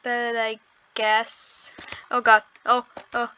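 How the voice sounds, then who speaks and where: A woman's voice: fairly high pitch, completely flat delivery, takes it slowly, sharp tone, clear, resonant tone, rough recording. A woman giving casual gameplay commentary on her first video, nervous and apologetic, exclaiming often. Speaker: first-time gaming video creator.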